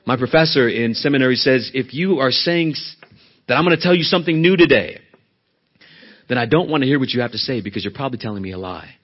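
A man's voice: medium pitch, expressive, fast talker, breathy edge, dull audio. A man preaching a sermon as a church elder, pressing hard on key words and then dropping to a near whisper. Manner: emphatic, rising to loud stresses then dropping to a soft hush.

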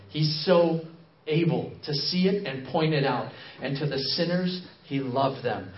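A man preaches a story in a sermon and acts out the quotes he tells. His voice sits high and swings widely in pitch. He repeats phrases for emphasis, and the recording sounds dull and lo-fi. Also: animated, a little slow. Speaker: missionary speaker.

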